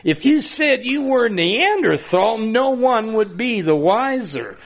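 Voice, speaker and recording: A man's voice: sing-song, slow, heavily acted. A man putting on the voice of mocking clinic staff who tease him in rhyme. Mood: teasing. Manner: high teasing sing-song rhyming. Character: mocking young clinic staff, jeering and giggly.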